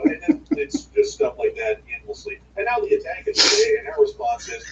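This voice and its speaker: A man's voice: very high-pitched, sing-song, a little fast, creaky, few pauses, fairly bright tone. A man co-hosting a livestream, giving blunt, opinionated news commentary in a drawling, casual way. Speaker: livestream co-host. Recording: echoey room, far from mic, muffled, faint hiss.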